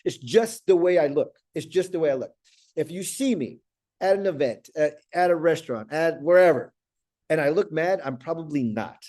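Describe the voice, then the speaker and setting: A man's voice: on the high side, lively intonation, normal speed, darkish tone. A middle-aged man giving a motivational coaching talk, earnest, often repeating words and checking in with "right?". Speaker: life coach.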